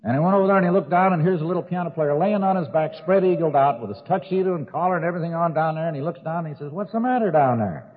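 Husky older guy, folksy joker, tinny old tape, echoey hall. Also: fairly high pitch, steady tone, rapid-fire, few pauses. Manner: folksy joke-teller, chuckles at his own stories. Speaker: speaker sharing his drinking story. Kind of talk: recovery talk with jokes. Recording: tinny old recording with long hall reverb.

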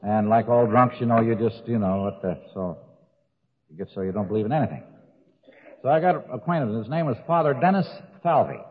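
A man's voice: mid-range voice, expressive, fairly quick, husky. An older man telling jokes and his drinking story in a folksy way, laughing at his own stories. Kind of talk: recovery talk with jokes. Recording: tinny old recording with long hall reverb.

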